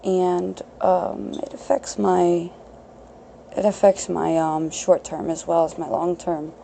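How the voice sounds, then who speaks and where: Slow, gravelly, blunt woman podcaster. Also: fairly low pitch, flat delivery, warm tone, a little hiss or hum, poor audio. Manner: crass, blunt, self-mocking, swears freely. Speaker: podcast host. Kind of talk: unscripted solo podcast monologue.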